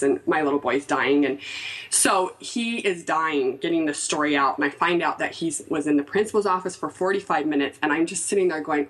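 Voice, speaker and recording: A woman in her thirties hosting a casual chat, telling a story with lively energy, laughing and acting out what people said. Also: sits low, a little fast, poor audio. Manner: animated storyteller, laughs often, acts out quotes. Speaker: podcast host.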